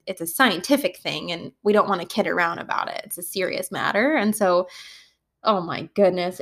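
A woman schoolteacher telling classroom stories on a casual podcast. She talks in an animated way, laughs often and keeps exclaiming "oh my goodness.". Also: medium pitch.

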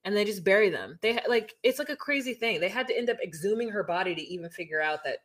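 A woman's voice: mid-range voice, lively intonation, fast talker, a bit bright. A woman co-hosting a podcast, telling the story in a rambling, frank way with casual swearing. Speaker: podcast co-host. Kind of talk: casual recap chat.

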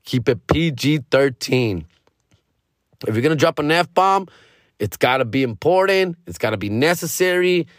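A man's voice: on the high side, lively intonation, normal speed, no room sound, clean studio sound. A middle-aged man, a stand-up comedian hosting his own podcast, telling a story in a casual, profane way full of street slang and bits of Spanish. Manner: profane, slangy, peppered with "fool" and "dog", drops into Spanish slang.

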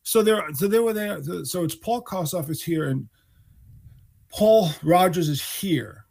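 A man in his sixties from New York, a guest musician telling animated stories and acting out the people he quotes. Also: high voice, unhurried, gravelly. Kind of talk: storytelling interview.

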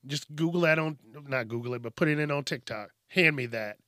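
A man hosting a casual solo news podcast, telling stories in a profane, animated way. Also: on the high side, fast, no room sound, studio quality. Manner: profane, animated storytelling with rants. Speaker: podcast host.

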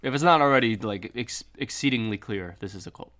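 Bright-voiced guy on a podcast, blunt and sarcastic, cusses a lot. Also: on the low side, brisk. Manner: blunt, sarcastic, swears freely. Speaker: podcast co-host. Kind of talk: casual chat.

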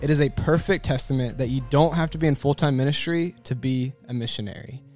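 A man's voice: mid-range voice, fast talker, a little mellow. A man hosting a podcast, reading an earnest, encouraging closing message. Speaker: podcast host. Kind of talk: scripted outro. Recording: music bed under voice.

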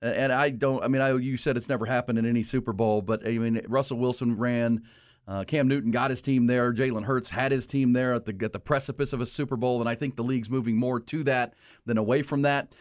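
Guy hosting sports radio, chatty, mid pitch, dead dry studio. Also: fairly even intonation, fast talker, dry recording. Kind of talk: casual sports talk.

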